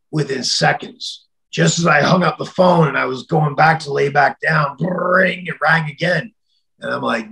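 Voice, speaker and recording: A middle-aged man telling a story in an interview, acting out the quoted voices and sometimes shouting them. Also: a little high, vocal fry, rough recording. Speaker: interview guest.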